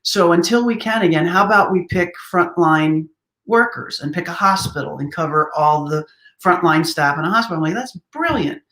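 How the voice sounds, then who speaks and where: A woman's voice: lowish voice, lively intonation, normal speed, a bit bright. A woman hosting a casual interview, enthusiastic, laughing easily and asking prompting questions. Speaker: host. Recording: echoey room.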